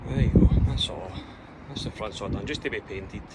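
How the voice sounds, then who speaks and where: Chatty Scottish man, lower voice. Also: normal speed, very noisy. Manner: chatty, explaining as he goes. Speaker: vlogger building a campervan. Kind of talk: casual walkthrough vlog. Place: inside a van under conversion.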